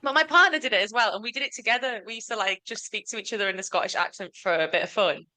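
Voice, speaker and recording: A woman co-hosts a podcast in easy, casual chat. Her voice is clear and bright with a forceful edge, and she tells stories with lively, chatty energy. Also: medium pitch, rapid-fire. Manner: chatty, animated storytelling. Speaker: podcast co-host.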